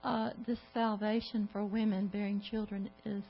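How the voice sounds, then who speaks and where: A woman's voice: medium pitch, flat delivery, normal speed, vocal fry, breathy edge, muffled recording. A woman in a Bible class asking a tentative question. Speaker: class member. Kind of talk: question from the floor.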